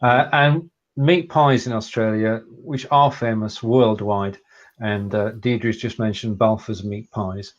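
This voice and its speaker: A man's voice: on the low side, fairly even intonation, slow pace, highs cut off. A man from the UK co-hosting a live stream, joking around and reading out viewer comments. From United Kingdom. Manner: jokey, reads out viewer comments. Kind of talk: casual live-stream chat.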